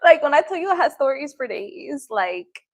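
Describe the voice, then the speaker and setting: A woman's voice: sits high, big pitch swings, normal speed, dry recording. A woman hosting a livestream, telling stories in a blunt, profane, casual way and often laughing. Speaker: tarot reader and livestream host.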